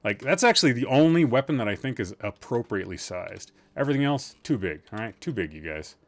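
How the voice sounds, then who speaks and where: A man hosts a live-streamed podcast from a room at home, talking off the cuff. He rambles from one thing to the next and keeps teasing and joking with the people in his chat. His voice sits at an ordinary middle pitch for a man. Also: lively intonation, a little fast.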